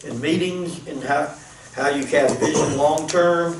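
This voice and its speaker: A man's voice: fairly high pitch, unhurried. A man, a pastor, leading a group planning discussion in an earnest, casual teaching manner, repeating himself as he thinks. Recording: roomy, distant mic, faint noise.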